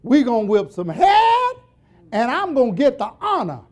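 A man's voice: extremely high pitch, huge pitch swings, normal speed, exaggerated voice. A man preacher voicing an arrogant male army general who brags and talks down to others. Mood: boastful. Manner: bragging, bossy, talking down.

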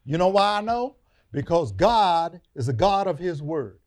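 A man preaching a Bible lesson to a congregation, dynamic and conversational, dropping quiet and then booming, with informal church vernacular. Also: very animated, measured pace. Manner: dynamic, call-and-response, drops soft then booms. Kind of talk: sermon.

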